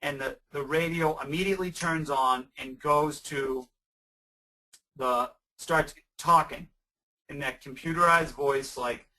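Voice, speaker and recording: A man with a bright, forceful voice pitched a little above the usual male range talks a live webinar audience through their questions. He speaks conversationally and with emphasis, often restarting his sentences as he works through each answer. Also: measured pace, recorded from a distance, low-quality recording. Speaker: webinar presenter and camp weather safety trainer.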